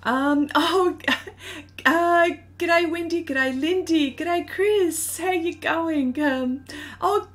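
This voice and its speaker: A middle-aged Australian woman hosting an art live stream, chatting casually and greeting viewers by name with frequent laughs. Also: very high voice.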